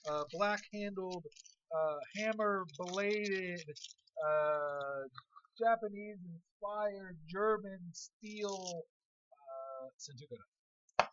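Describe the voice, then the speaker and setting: A man's voice: high voice, a bit bright, muffled recording. A man chef chatting casually and joking with filler words while demonstrating a recipe.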